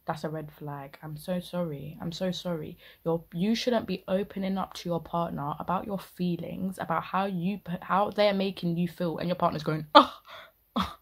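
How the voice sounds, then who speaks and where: A young woman fires off indignant, slang-heavy reaction commentary. Her voice sits a little low and sounds husky, and she talks in a casual, ranting rush. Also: steady tone, normal speed, hardly any pauses. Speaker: reaction video host.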